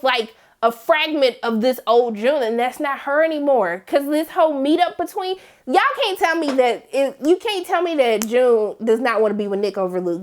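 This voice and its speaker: A woman host giving a chatty, sassy TV episode recap, talking straight to her viewers. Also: sits high. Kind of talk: casual TV recap commentary.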